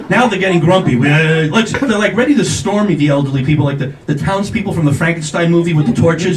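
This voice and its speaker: With a crowd audible behind him, an older comedian with a fairly high voice rattles through his set fast, barely pausing. His stories poke fun at himself, with quotes delivered in a brash, acted-out way, and the club audience laughs along. The recording is distant, echoey, and noisy.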